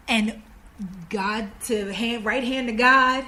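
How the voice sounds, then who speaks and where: Animated woman telling a story. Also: on the high side, takes it slowly, a little hiss or hum. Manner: animated, acts out quoted dialogue. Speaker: podcast guest. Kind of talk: casual storytelling.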